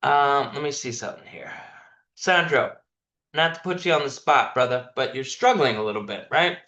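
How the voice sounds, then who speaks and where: A sales manager, a man with a bright, pushing voice, walks his callers through a phone pitch and drives his points home by repeating them. His call audio sounds roomy and a bit dull, as if picked up from across a room. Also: animated, normal speed. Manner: direct, coaching, repeats points for emphasis. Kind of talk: coaching a sales team on a video call. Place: online team meeting.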